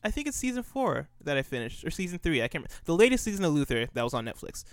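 Young male podcast co-host: smooth voice, rambling, easy laughs. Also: a little high, very animated, very fast, no room sound. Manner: rambling, restarts often, laughs easily. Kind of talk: casual podcast chat.

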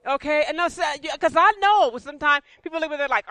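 Woman church speaker, bright tone, chatty sermon delivery. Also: high-pitched, quick pace, dry recording. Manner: conversational preaching, repetitive.

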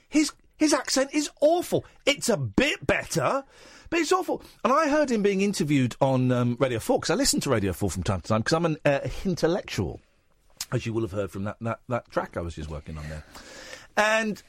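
A man hosting a late-night radio show, chatting with sarcastic, animated banter. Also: mid-range voice, no echo, studio quality. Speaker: radio host. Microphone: studio microphone.

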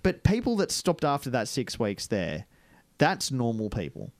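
A man's voice: mid-range voice, sing-song, normal speed, no echo. Man in his thirties with a slight lisp. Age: 30s. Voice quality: slight lisp from new braces. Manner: laid-back, self-mocking, laughs often. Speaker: podcast co-host. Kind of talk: casual chat.

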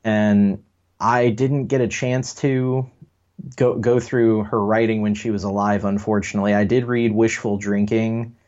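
A man's voice: on the low side, flat delivery, unhurried, darkish tone. A man co-hosting a casual pop culture podcast, joking and rambling with fillers. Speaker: podcast co-host. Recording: dull lo-fi sound.

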